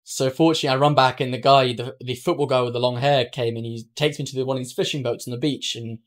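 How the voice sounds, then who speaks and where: A man's voice: medium pitch, fairly even intonation, quick pace. A young man from London, a podcast co-host, telling a travel mishap story in casual chat and acting out the dialogue. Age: young adult.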